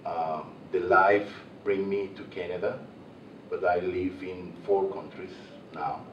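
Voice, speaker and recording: A man from Latin America speaking English with a Latin American Spanish accent, halting and searching for words. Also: low-pitched, fairly even intonation. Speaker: workshop participant. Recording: distant, echoey, dull, noisy room mic.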